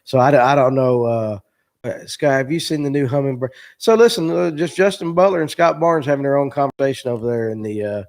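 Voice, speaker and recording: A man's voice: medium pitch, a little fast, darkish tone. Laid-back man hosting a fishing chat. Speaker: show host. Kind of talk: casual live-stream chat.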